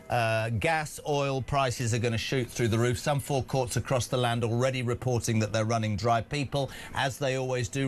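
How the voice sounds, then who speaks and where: A man hosting an opinionated breakfast talk show, speaking emphatically and indignantly with big swings in pitch. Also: slight background noise. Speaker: radio talk show host.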